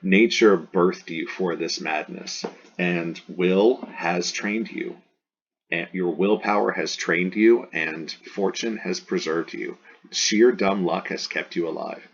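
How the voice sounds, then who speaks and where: A man with a very low, gravelly voice works through a Latin passage like a teacher in a classroom lecture. He explains word by word in a loose, conversational way, pausing on fillers and restarting his phrases. The audio is dull and lo-fi. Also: a little hiss or hum. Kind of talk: line-by-line classroom translation lecture.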